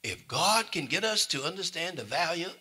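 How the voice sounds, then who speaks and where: Bright-voiced preacher calling out to his church. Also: on the high side, big pitch swings, normal speed, breathy edge. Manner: impassioned preaching that swings between loud calls and quiet asides; calls out to the congregation. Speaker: pastor. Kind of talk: sermon.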